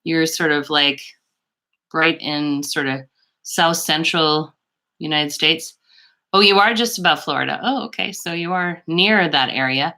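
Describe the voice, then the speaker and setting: A woman's voice: deep voice, measured pace, pushed and bright. A woman hosting a casual beauty livestream from her bedroom on a laptop, chatting with viewers in a rambling, gushing way with little laughs. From Canada. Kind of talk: casual live chat with viewers. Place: home bedroom. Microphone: laptop microphone.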